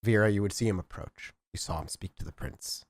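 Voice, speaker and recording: Speaking fairly quickly in a lowish voice, a man narrates a tabletop role-playing game as its storyteller. His narration is lively, descriptive and conversational, with fillers, on a dry recording.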